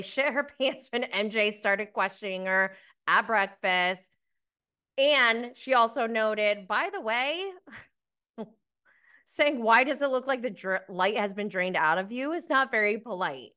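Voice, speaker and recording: A woman's voice: medium pitch, pushed and bright, clear, resonant tone. A woman hosting a casual episode review of a reality show, chatty and gossipy, laughing often as she talks. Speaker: reality TV recap host.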